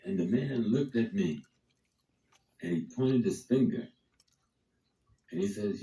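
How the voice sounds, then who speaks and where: A man's voice: lowish voice, lively intonation, slow, long pauses, mellow, reverberant, recorded from a distance, rough recording. An older man from Harlem, New York, telling a vivid story in conversation and acting out the quoted dialogue. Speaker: guest storyteller.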